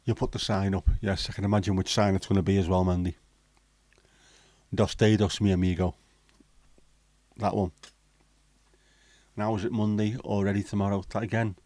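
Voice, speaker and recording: A man's voice: on the low side, level tone, brisk, a little mellow, no echo. A middle-aged man hosting a casual livestream chat, reading out viewer comments and answering them bluntly, swearing freely. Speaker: livestream host.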